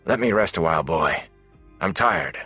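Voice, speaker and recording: A man voicing a weary, wounded middle-aged farmer father in an audiobook, low, tired and soothing. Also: expressive, moderate pace, bright, forceful tone, no echo, soft background music, full character voice. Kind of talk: audiobook character reading.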